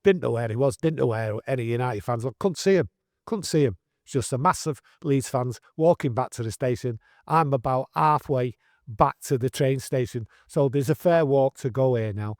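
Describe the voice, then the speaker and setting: A man in his sixties with a Manchester accent, telling his story in an earnest, animated way with broad northern dialect. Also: mid-range voice, moderate pace, dry recording, clean studio sound. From England. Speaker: guest storyteller. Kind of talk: casual storytelling interview.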